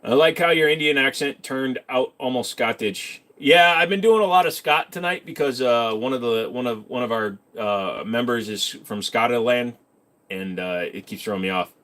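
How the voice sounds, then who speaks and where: A man's voice: mid-range voice, normal speed, fairly bright tone. A man hosts a casual livestream and answers viewer questions one after another. His delivery is loose, jokey and self-mocking, sliding into careful detail whenever he explains his subject. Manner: knowledgeable about handguns, explains in detail.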